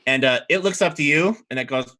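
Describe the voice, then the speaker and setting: Bright-voiced dm guy, rambly, lots of um and like. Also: fairly high pitch, brisk. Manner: loose, rambling narration with many fillers. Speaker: dungeon master. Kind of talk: narrating a tabletop game.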